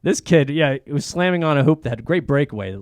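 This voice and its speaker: A man's voice: a little high, expressive, no room sound. Chatty male podcast host, dry close sound. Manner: retells scenes with quick put-on character voices, laughing often. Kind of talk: casual comedy podcast chat.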